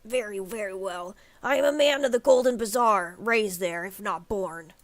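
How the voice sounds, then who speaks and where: Woman doing a slow, solemn male priest. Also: medium pitch, dry recording, close to an everyday voice. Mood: confessing. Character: sly male priest, pleading when caught.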